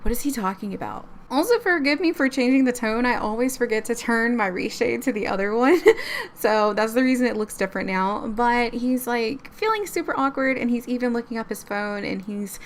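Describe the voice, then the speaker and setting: A woman's voice: on the high side, lively intonation, moderate pace. A young woman narrating a life-sim let's-play, chatty and storytelling, often laughing. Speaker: game streamer.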